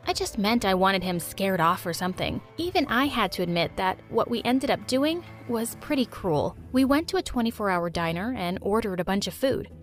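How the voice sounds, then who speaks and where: A young woman tells a first-person story in a mid-range voice, animated and full of sarcastic asides. Faint music plays softly underneath. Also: medium pitch, moderate pace, hardly any pauses.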